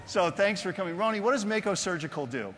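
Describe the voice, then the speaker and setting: A man's voice: high-pitched, expressive, fast, loud music behind the voice. A man hosting an onstage interview, jokey and loose, with lots of fillers. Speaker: host, interviewer. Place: conference stage before an audience. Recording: long hall reverb from stage.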